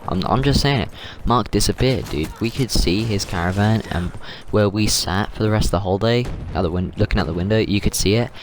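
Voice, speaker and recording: A man's voice: fairly low pitch, brisk, few pauses. A man host telling a story in a casual, rambling way while gaming, repeating words and saying dude a lot, on a noisy mic with clicks.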